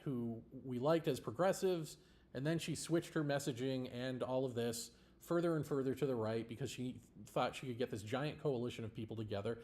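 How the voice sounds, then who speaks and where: A man's voice: medium pitch, darkish tone. A man hosting a livestream, talking in a rambling, blunt monologue with swearing and laughs. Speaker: livestream host. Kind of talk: casual political monologue.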